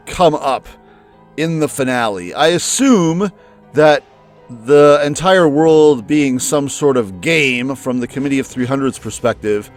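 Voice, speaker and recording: A man hosting a let's play, chatting and musing about the story before playing, his pitch jumping up often. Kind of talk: casual commentary before a game. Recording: faint music underneath.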